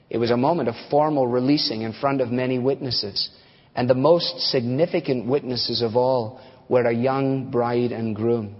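A man preaching a sermon in a conversational, folksy way, telling stories with fillers and asides. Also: mid-range voice. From United States. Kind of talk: sermon with storytelling. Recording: dull recording with long hall reverb.

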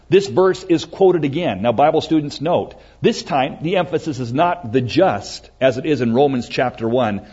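Male pastor preaching, animated and husky, dull lo-fi recording. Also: a little high. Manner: emphatic, repetitive, animated teaching. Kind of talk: sermon.

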